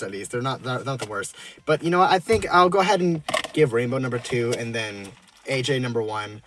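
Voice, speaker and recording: A man casually reviewing drinks from his car, halting and full of fillers and restarts, chuckling often. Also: medium pitch, a bit bright, slight background noise.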